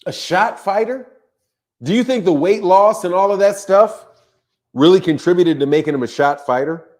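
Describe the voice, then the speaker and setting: A man's voice: sits high, moderate pace, a little mellow. Casual male boxing stream host. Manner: casual, laughs often, greets chatters by name. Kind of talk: live stream chat with viewers.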